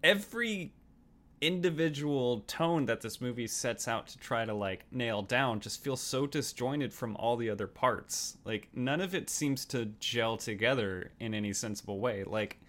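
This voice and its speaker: A man's voice: mid-range voice, unhurried, fairly bright tone. A man co-hosting a podcast, giving an emphatic, rambling critique in casual movie-review chat. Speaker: podcast co-host.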